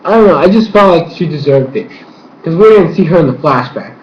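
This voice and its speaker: A man's voice: fairly high pitch, lively intonation, brisk, highs cut off. Man, casual review vlog, rambling with filler swearing, echoey room, faint hiss. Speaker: TV episode reviewer.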